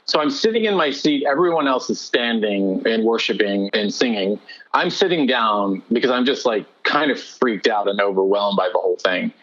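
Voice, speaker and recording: A man telling his personal faith testimony as an interview guest, earnest and animated. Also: fairly low pitch, moderate pace, dull audio.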